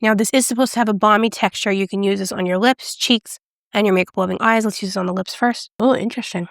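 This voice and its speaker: A woman's voice: medium pitch, quick pace, no echo. Bubbly woman reviewing makeup, dry sound. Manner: bubbly, gushing, excitable; drops to a whisper when excited. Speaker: beauty vlogger. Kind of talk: casual product review and demo.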